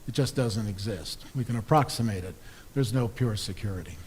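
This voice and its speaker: Wry, conversational Episcopal priest preaching. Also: male voice, on the low side, a little fast, a little mellow, slight background noise. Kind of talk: sermon.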